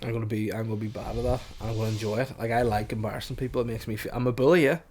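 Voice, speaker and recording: A man's voice: on the low side, steady tone, very fast, a little mellow, slight background noise. A man, co-hosting a casual comedy podcast and telling crude stories with frequent laughter. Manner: crude storytelling, laughs often. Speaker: podcast co-host.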